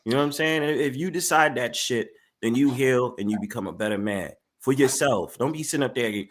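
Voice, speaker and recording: A man's voice: medium pitch, fairly quick. A man on a podcast panel, talking casually in profane street slang and often checking that he is understood. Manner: streetwise slang, profane, keeps asking "you feel me".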